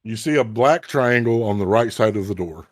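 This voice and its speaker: A man's voice: on the low side, lively intonation, moderate pace, no echo. A man running a tabletop game as game master, calling out damage and rolls matter-of-factly.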